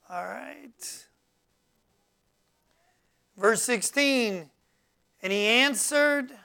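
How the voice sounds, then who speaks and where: Preacher doing a bible teaching, slow and halting, lots of ums, gravelly voice, keeps asking the church to answer back. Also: medium pitch, fairly bright tone. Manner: calls out to the congregation for responses; reads verses aloud and then explains them.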